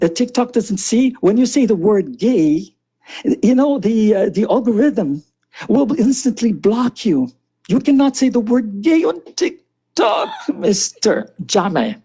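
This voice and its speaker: Older man, sixties, husky mellow voice, heated live-stream rant, keeps repeating himself. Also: sits high. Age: 60s. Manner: insistent, repetitive.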